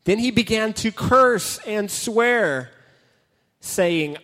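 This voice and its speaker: Youth preacher man, fairly high voice, playful and dramatic, reverberant hall sound. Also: lively intonation, drawn-out words, a bit bright. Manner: joking, dramatic storytelling, reads scripture aloud. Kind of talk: casual sermon with Bible reading.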